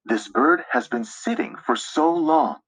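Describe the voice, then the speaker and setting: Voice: medium pitch, unhurried, a bit bright, husky, no echo. A reader giving a children's picture-book read-aloud in a sing-song way, imitating the bird calls. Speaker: storybook reader.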